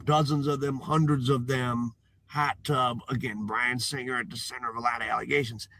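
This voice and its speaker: A man doing commentary in a played video, talking slowly in a meandering, halting way. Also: medium pitch, little pitch movement, a bit bright, no echo.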